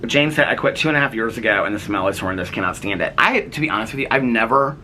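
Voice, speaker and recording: Filmed on a tripod-mounted camera at home, a man in his forties chats casually in a rambling vlog full of fillers and small laughs. His mid-range voice is expressive, rapid-fire, and sharp-toned, with slight background noise.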